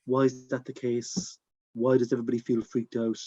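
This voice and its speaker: A man voicing a gentle male clan healer in a put-on Welsh accent, melodious and coaxing, with lots of hesitant fillers. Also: mid-range voice, completely flat delivery, a little fast, breathy edge, lo-fi sound, close to an everyday voice. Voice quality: melodious, soothing.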